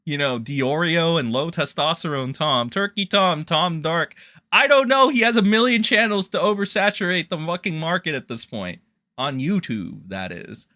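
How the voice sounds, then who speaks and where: A man's voice: on the high side, expressive, normal speed, bright, forceful tone, no room sound, clean studio sound. A man ranting as a commentary streamer, profane, sarcastic and incredulous.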